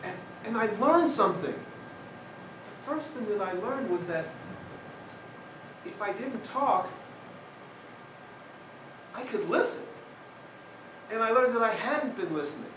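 A man's voice: high-pitched, lively intonation, takes it slowly, pauses often. A man giving a public talk to an audience, telling humorous personal anecdotes with wry asides. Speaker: guest speaker. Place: university lecture hall with audience. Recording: roomy hall, distant mic, noisy.

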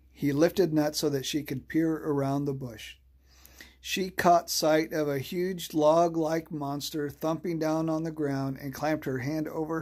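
A storyteller reading a children's bedtime story aloud, slow and soothing. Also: medium pitch, a little mellow, breathy edge.

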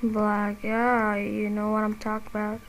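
A woman giving casual, excitable commentary while playing a game, quick to get frustrated and quick to apologize. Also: medium pitch, slight background noise, low-quality recording. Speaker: gamer and channel host.

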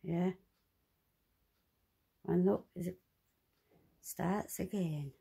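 A woman ranting angrily and swearing, talking to her viewers from inside her flat. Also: lowish voice, very slow, vocal fry, husky. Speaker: vlogger. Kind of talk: angry monologue to camera.

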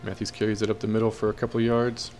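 Low-voiced young man commentating gameplay. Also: very fast, faint music behind. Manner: casual, excitable, cheers and groans at plays. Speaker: gaming commentator. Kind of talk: video game play-by-play commentary.

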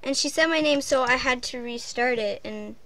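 A woman's voice: high voice, normal speed, pushed and bright, slight background noise. A woman host chatting casually and apologetically over gameplay, giggling often. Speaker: channel host.

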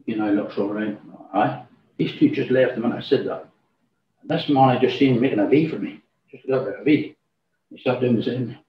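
A man's voice: mid-range voice, a little fast, a little hiss or hum. A man gives an informal church testimony, rambling through his story and acting out what people said. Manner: rambling storyteller, acts out quoted dialogue. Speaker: church speaker giving a testimony. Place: church hall. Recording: roomy, distant, dull church recording.

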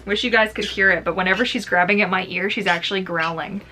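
A woman's voice: mid-range voice, steady tone, quick pace, background noise. A woman hosting a casual pet-bird unboxing vlog, chatty and giggly, with many fillers. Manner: chatty, giggly, talks baby talk to her bird. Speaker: vlogger.

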